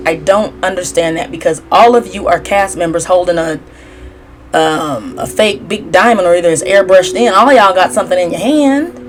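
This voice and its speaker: A woman's voice: fairly low pitch, normal speed, music in the background. A woman giving a casual, sassy gossip recap as a tarot reader, chatty and opinionated. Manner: chatty and sassy, mimics cast members in a raised voice.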